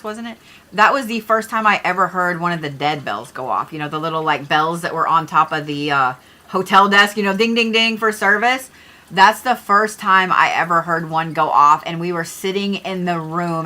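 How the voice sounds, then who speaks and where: A chatty young woman talks to her livestream viewers, rambling from one thing to the next and dropping the odd swear word. Her voice comes across bright and forward, close on a desk mic. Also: on the low side. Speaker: livestream host, astrology reader. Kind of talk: casual livestream chat.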